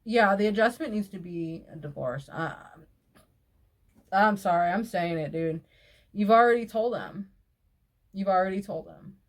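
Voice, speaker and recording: A woman's voice: lowish voice, moderate pace. A woman hosting a video, reading posts aloud and breaking in with outspoken, exasperated commentary. She swears freely and laughs often between remarks. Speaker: online video host reading reader posts.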